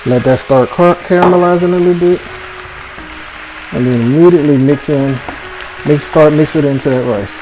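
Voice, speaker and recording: A man's voice: on the high side, brisk, pauses often. A man hosting a casual home cooking vlog, talking folksy and easy to his viewers. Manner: folksy, keeps addressing viewers as "y'all". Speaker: home cook, channel host. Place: home kitchen. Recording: dull lo-fi audio with music bed. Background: background music and sizzling pan.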